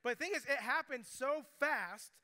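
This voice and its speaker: Man, pastor, sermon, storytelling with asides, high bright voice. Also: normal speed.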